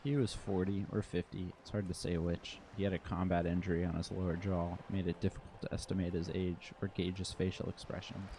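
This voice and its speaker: Man reads diplomatic female liaison, composed and guarded; deep, dark, flat delivery. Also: brisk, few pauses, a little hiss or hum. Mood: measured.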